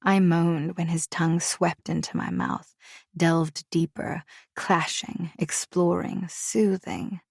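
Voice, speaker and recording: Gravelly woman narrating a romance. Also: on the low side, fairly even intonation, slow pace, darkish tone, no room sound, clean studio sound. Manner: intimate, confessional storytelling. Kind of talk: first-person romance audiobook narration.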